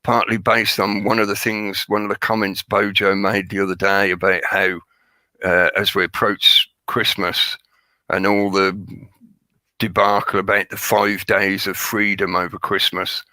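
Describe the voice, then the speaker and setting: Male stream host, hoarse, gravelly, bright edgy tone, dry close sound, chatty and joking. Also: low-pitched, little pitch movement, unhurried, no echo. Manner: chatty, joking, greets viewers by name. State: hoarse, crackly voice. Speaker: livestream host. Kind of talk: rambling live-stream chat.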